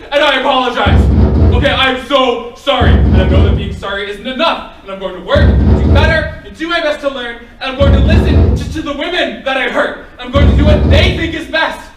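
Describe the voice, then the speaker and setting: A woman's voice: high-pitched, normal speed, natural voice. A young woman playing a desperate girl detective. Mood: frantic, pleading. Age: young adult. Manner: earnest, pleading, spiraling into frantic apology. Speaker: stage actor. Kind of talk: live stage drama. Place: college theater stage. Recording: dull, echoey stage audio from far off. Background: loud music.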